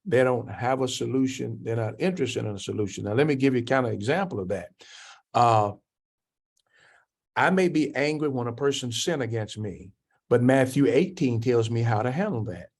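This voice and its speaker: Older male preacher, teaching voice that jumps up in pitch for quoted speakers. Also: expressive, moderate pace, darkish tone. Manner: answers written questions from the class. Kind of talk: church coaching class.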